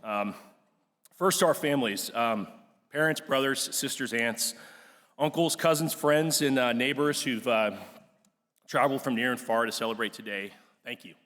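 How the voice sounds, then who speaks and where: A man's voice: medium pitch, moderate pace, fairly bright tone. A young man, class president, giving an earnest, emotional ceremony speech with frequent fillers in a large auditorium. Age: young adult. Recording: long hall reverb.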